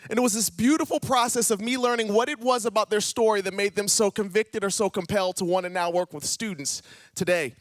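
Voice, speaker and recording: A man from Ohio, a youth pastor, telling a personal story in a sermon and acting out the dialogue with lively swings in pitch. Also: fairly quick, no room sound, clean studio sound. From Ohio, USA. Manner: animated, acts out dialogue with big pitch jumps. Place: church auditorium.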